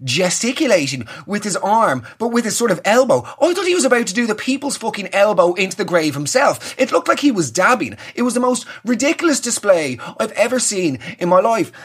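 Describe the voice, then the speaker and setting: A man's voice: sits high, fairly bright tone, slightly rough. A young Irish man telling a comic story with sweary, exasperated ranting. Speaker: comedian.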